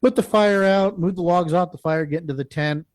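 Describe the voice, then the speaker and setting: A man's voice: high voice, brisk, no room sound. Man animatedly telling a campfire story. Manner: animated, acts out quoted speech; rambling with frequent restarts. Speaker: guest telling a field story. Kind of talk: live interview storytelling.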